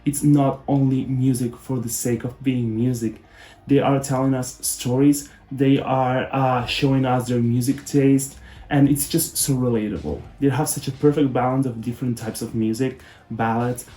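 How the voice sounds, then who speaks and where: A young man hosting a fan vlog, talking casually in a soft, lower-toned way and sounding deeply emotional. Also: steady tone, moderate pace. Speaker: fan channel host. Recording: roomy echo with faint music behind.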